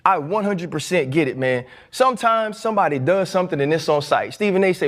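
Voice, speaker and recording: A man's voice: high voice, expressive, normal speed, few pauses. A man giving sports opinion commentary, arguing his point with rhetorical questions.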